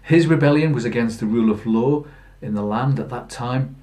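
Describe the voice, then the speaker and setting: A man's voice: medium pitch, normal speed, dark tone. A man preaching a Good Friday sermon in plain storytelling, earnest, with fillers and restarts. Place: church.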